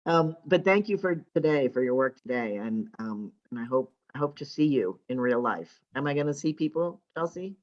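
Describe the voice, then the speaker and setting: A woman politician giving casual, halting advice and stories to young activists, with many fillers, over a video call. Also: a bass voice, animated. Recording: dull lo-fi call audio.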